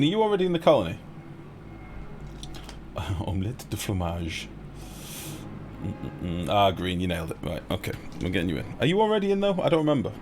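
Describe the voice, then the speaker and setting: A man's voice: fairly low pitch, slight background noise. A man live-streaming a game, joking and teasing his chat in playful banter.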